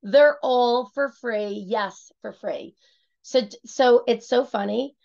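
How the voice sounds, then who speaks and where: A woman giving an upbeat, enthusiastic sales pitch and talking straight to her listeners. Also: slow, vocal fry, darkish tone. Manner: enthusiastic, addresses listeners directly. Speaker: senior executive director presenting a sales event. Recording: muffled lo-fi audio.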